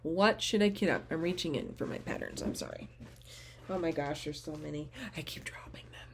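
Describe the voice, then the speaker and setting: A woman with a lowish voice chats casually at home, gushing over things and often dropping into soft, trailing murmurs. A faint hiss sits under her voice. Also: brisk. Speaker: teacher and cross-stitch vlogger. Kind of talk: casual chat to camera.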